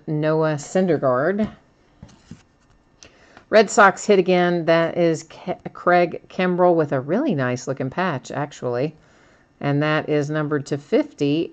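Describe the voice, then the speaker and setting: Low-pitched woman, middle-aged, easygoing card break host; casual, chatty, quick to laugh. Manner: chatty, laughs often, reads out cards and chat. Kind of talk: live stream card break commentary.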